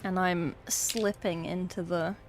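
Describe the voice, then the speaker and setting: A woman's voice: fairly low pitch, steady tone, slow pace, soft background music. An English woman chatting casually on a livestream, chatty and swearing freely with exasperated asides. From England. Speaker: streamer.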